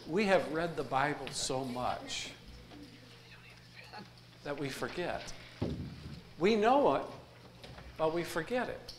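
In a church sanctuary, a male preacher with a slightly high, animated voice speaks slowly with long pauses. His folksy, easygoing sermon drops jokes between points, ringing with roomy echo over a faint background hum.

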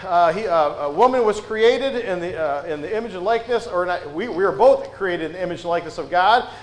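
A man preaching a conversational sermon to his congregation, folksy and relaxed, often dropping in "uh" and "right?". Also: sits high, brisk. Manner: folksy, frequent "uh" and "right?" asides. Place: church sanctuary. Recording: roomy church echo.

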